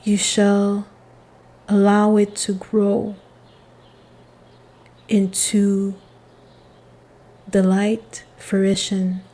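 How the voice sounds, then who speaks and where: Slow, meditative woman channeler. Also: mid-range voice, monotone. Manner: slow, soft, meditative, halting. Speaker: spiritual channeler. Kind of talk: channeled spiritual reading.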